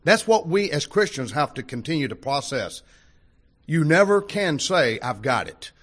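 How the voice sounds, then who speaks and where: An older male preacher speaks in a slightly high register. His sermon is folksy and conversational, leaning on plain sayings and questions put to the congregation. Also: expressive, moderate pace, a bit bright. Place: church hall before a congregation.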